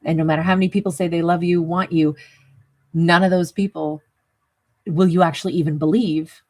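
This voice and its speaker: A woman's voice: fairly low pitch, steady tone, brisk, a little mellow. A woman giving a casual tarot reading, talking in a rambling, conversational way full of asides and the odd chuckle. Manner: chuckles at her own jokes. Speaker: tarot reader.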